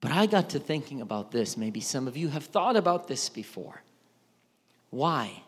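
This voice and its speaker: A man preaching a sermon, telling the story with animated voices for each side of the dialogue. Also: mid-range voice, moderate pace, breathy edge. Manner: animated storytelling, acting out both sides of the dialogue. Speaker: pastor. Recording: long hall reverb.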